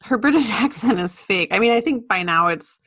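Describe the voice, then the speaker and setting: A woman co-hosting a podcast, casually telling stories and trivia in a relaxed way. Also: medium pitch, brisk, dry recording, clean studio sound. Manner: relaxed storytelling, sharing facts with soft laughs. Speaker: podcast co-host. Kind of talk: casual chat.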